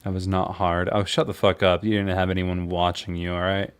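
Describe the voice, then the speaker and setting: A young man streaming, reviewing viewer animations in casual, blunt commentary, quick to swear and laugh. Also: low-pitched, little pitch movement, clear, resonant tone.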